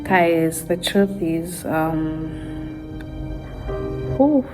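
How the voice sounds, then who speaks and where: Low-voiced woman fighting back tears. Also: fairly even intonation, music in the background, low-quality recording. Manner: halting, soft-spoken, tearful. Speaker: vlogger. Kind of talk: confessional vlog.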